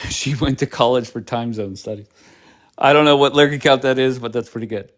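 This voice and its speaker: A man's voice: medium pitch, brisk. A man hosting a live stream, talking bluntly and sarcastically with a lot of swearing. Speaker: livestream host. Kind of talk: casual live-stream chat.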